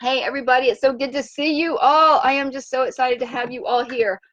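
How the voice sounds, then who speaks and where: Bubbly high-voiced woman cheering. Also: fairly quick. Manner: bubbly, chanting and cheering, very animated. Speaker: wellness vlogger hosting a livestream. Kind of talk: upbeat motivational livestream chat. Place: home in Fiji by the sea. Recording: dull lo-fi sound.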